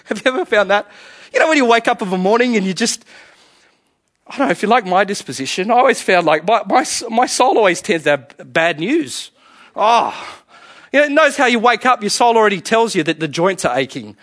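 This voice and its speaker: A man in his forties preaching a sermon, animated and humorous, acting out conversations with his own soul. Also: sits high, normal speed. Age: 40s. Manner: animated, humorous, acts out inner dialogue. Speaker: pastor.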